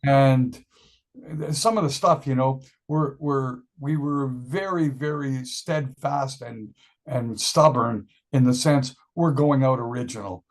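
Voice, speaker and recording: A man's voice: mid-range voice, slow. An older man, a musician being interviewed, telling a rambling story and often laughing and acting out what people said. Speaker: musician guest.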